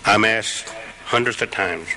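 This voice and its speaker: A middle-aged man with a deep, low voice gives an archival talk to a crowd, telling of his time at war. His tone is forceful and firm, yet earnest and plain-spoken, and a faint hiss sits under the recording. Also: measured pace, rough recording. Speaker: veteran speaker. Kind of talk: recorded speech retelling a war story.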